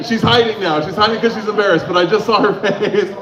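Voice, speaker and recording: A man's voice: high-pitched, quick pace, highs cut off. A man hosting a comedy show, hyping the crowd and introducing the next comic from the stage. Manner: hyping the crowd, loose and chatty. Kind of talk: emcee crowd work. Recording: echoey club with loud crowd.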